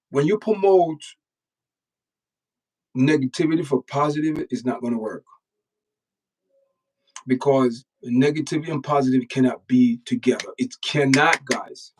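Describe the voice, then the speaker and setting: A man's voice: medium pitch, recorded from a distance, low-quality recording. A man from Jamaica with a Jamaican accent, hosting a casual livestream and lecturing his chat with emphatic, repetitive phrasing. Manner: emphatic, repeats words, lectures the chat directly. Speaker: channel host reacting to news and chat.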